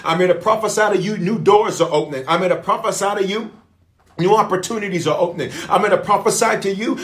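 Fervent preaching man, higher voice. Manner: fervent preaching with repeated declarations; calls viewers to type responses. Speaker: pastor leading online prayer. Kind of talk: livestreamed prayer sermon.

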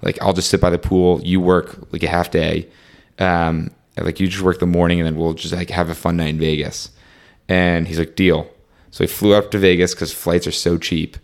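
A man's voice: low voice, level tone, moderate pace, gravelly. A young man telling a long travel story in casual conversation, full of "like" and "um", acting out what he and his friends said. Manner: rambling, fillers like "like" and "um", reenacts dialogue.

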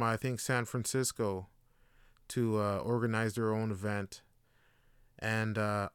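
A man's voice: fairly high pitch, fairly bright tone, smooth, no echo, clean studio sound. A young man, hosting a podcast and telling profane, rambling stories with laughter. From Canada. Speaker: podcast host. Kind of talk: casual monologue.

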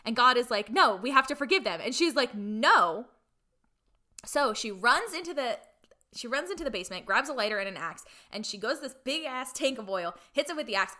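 A woman's voice: a little high, pushed and bright. A woman in casual chat retelling a story, full of "like" fillers and playfully irreverent asides.

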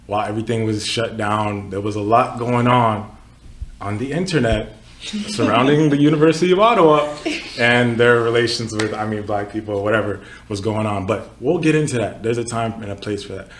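Hosting a laid-back podcast, a man in his twenties who was born in Nigeria tells stories casually, using a lot of fillers. His voice is on the low side and a little fast, and the recording sounds roomy with a faint hiss or hum.

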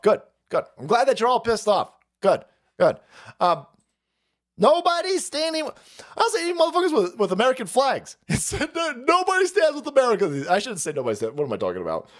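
A man hosting a political livestream, ranting in a foul-mouthed, sarcastic way with shouted outbursts. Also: high voice. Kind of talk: profane political rant.

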